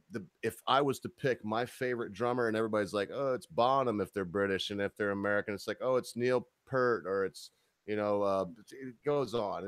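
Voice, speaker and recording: A man's voice: lowish voice, dry recording, studio quality. A man co-hosting a casual podcast, bantering in a crude, mocking, joking way. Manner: profane, mocking, jokey.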